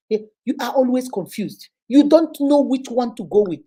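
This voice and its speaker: A middle-aged woman with a Nigerian accent gives motivational life advice to camera in an animated, preachy way, acting out the people she quotes. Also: on the high side, normal speed, hardly any pauses, breathy edge, rough recording. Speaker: vlogger giving life advice.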